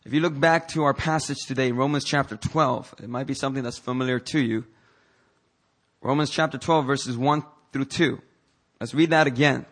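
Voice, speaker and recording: Bright-voiced man preaching a sermon. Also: medium pitch, normal speed. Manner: energetic preaching with frequent hallelujahs; calls on the congregation to repeat after him. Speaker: pastor. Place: church service.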